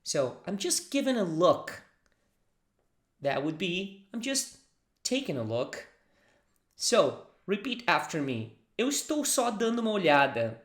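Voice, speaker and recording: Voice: mid-range voice, very animated, a little slow, reverberant. A Portuguese teacher from southern Brazil, with a southern Brazilian accent and Portuguese as a first language, giving a language lesson in English and carefully repeating phrases word by word.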